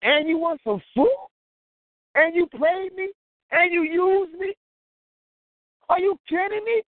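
A man's voice: very high-pitched, slow, no echo, pitched above the performer's own voice. A man voicing an indignant wronged man who scolds someone with incredulous questions, heard over a tinny phone-like line. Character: indignant wronged man refusing a former bully.

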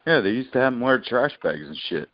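A man's voice: mid-range voice, very animated, no room sound, muffled recording. A man in casual, crude podcast chat, blunt and profane in his remarks. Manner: blunt, profane, quick to laugh along.

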